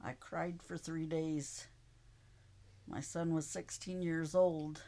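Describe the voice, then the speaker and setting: Slow, low-voiced middle-aged woman. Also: fairly even intonation, warm tone. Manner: brief, plain answers. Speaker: guest, host's mother. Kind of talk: casual interview.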